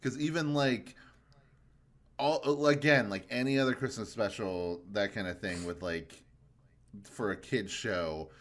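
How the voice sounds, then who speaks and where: A man's voice: on the low side, measured pace. A young man co-hosting a podcast, chatting casually in a rambling way with many fillers and easy laughs. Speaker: podcast co-host. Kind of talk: casual chat.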